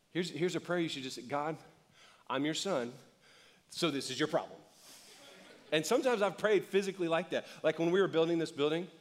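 A middle-aged man preaching with a slightly higher voice than most men. He keeps it conversational and joking, and slips into quick little voices to act out what people say. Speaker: pastor. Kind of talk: sermon.

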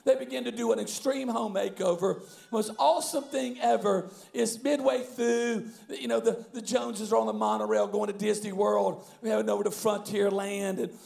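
A male pastor preaching a sermon, telling a story animatedly, with bursts of shouting and frequent restarts. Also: high voice, fairly even intonation, moderate pace, gravelly, few pauses. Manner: many repeated words and restarts.

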